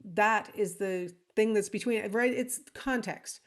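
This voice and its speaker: A woman's voice: medium pitch, slow pace. Woman lecturing casually to a recording. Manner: casual and conversational, with frequent ums and "right?"; acts out example lines in different intonations. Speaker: instructor. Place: alone at home or office, speaking to a recording.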